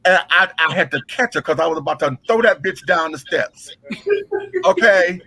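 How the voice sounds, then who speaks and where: A man with a bright, forceful voice tells a backstage story with dramatic flair and a lot of profanity. He speaks with features. His pitch sits a little high for a man. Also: expressive, normal speed, breathy edge, no room sound, poor audio. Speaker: drag performer telling a story. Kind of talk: casual storytelling chat.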